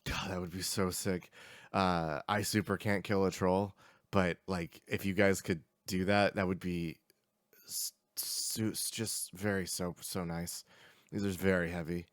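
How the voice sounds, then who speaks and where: A man voicing a young male satyr who drags heavy stones, sulky and complaining, with halting, stumbling speech. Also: deep voice, flat delivery, no echo, clean studio sound. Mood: grateful.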